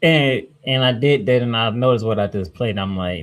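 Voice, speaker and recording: A man's voice: mid-range voice, normal speed. A man co-hosting a casual football chat, slangy and defensive in playful banter. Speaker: co-host.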